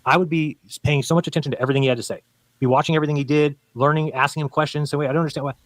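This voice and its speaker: A man's voice: a little high, steady tone, racing, no room sound. A man arguing in a debate, insistent and lecturing, pressing his points hard. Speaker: debate guest. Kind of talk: heated debate talk.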